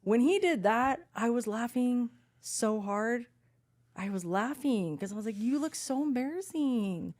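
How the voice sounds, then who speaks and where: A woman podcast co-host telling stories in casual chat, animated and swearing, acting out quotes. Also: a little high, a little slow.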